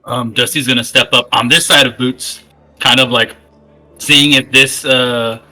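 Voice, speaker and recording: A man at a tabletop game describes what his character does, stopping and repeating words. His voice sounds very bright and sharp. The pitch sits in the middle. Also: steady tone, unhurried, low-quality recording. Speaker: player.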